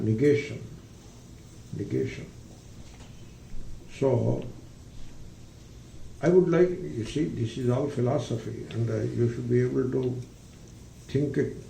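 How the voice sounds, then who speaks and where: Deliberate gravelly male spiritual teacher. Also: mid-range voice, dark tone, slight background noise. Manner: deliberate, emphatic, with rhetorical questions. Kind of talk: philosophy discourse. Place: retreat ranch hall. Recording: roomy, distant mic, faint ambience.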